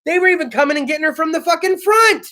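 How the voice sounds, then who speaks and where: A man hosting a casual internet talk show, telling stories in a slangy, profane, animated way with sudden whoops. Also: very high-pitched, quick pace. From California.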